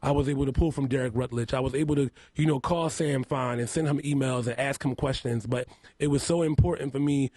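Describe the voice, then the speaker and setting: A man's voice: mid-range voice, steady tone, brisk, a little mellow, no echo. Man with a lisp, chatting on radio. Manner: candid, laughs often, repeats words. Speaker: interview guest, makeup artist. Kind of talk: casual radio interview. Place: radio studio.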